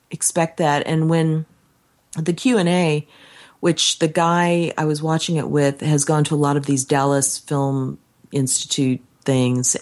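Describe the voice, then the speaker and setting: Low-voiced woman telling a lively story. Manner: animated storytelling, acting out quotes. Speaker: podcast co-host. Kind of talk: casual chat.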